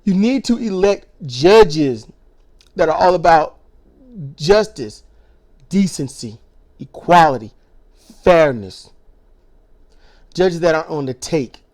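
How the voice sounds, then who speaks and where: A man in his forties ranting a profane, sarcastic political monologue, his voice strained and hoarse, mocking others in put-on voices. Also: fairly high pitch, animated, slow pace, long pauses, a little mellow. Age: 40s. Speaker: political commentary vlogger.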